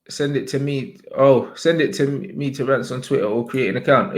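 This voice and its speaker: A young man hosting a casual livestream, chatting in heavy slang and shouting out viewers. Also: mid-range voice, moderate pace, few pauses. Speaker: livestream host.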